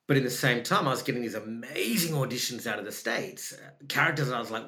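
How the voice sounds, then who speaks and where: A man with an Australian accent, an actor telling his story in a candid interview, animated and emphatic, acting out his own thoughts. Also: medium pitch, quick pace, few pauses. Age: adult with young children. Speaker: actor and podcast guest. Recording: roomy echo.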